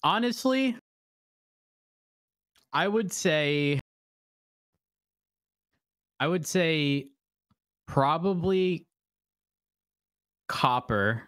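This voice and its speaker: Guest voice, giggly and self-deprecating, bone-dry sound, mid pitch. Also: expressive, drawn-out words, pauses often, fairly bright tone, dry recording. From Massachusetts. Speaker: podcast guest, roleplayer. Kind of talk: casual chat.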